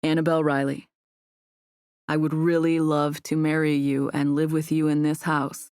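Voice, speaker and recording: A relaxed young man who teases with a dry, matter-of-fact ease, as a woman reads him. His voice sits a touch lower, in a dry, close booth. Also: normal speed, clean tone, no room sound. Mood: playful. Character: laid-back young man, teasing fiancé.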